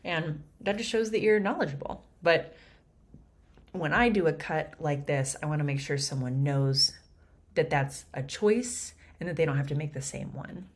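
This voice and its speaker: A woman coaching actors through an audition monologue in a chatty, animated way, clearly fond of the material. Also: low voice, moderate pace. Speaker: acting coach.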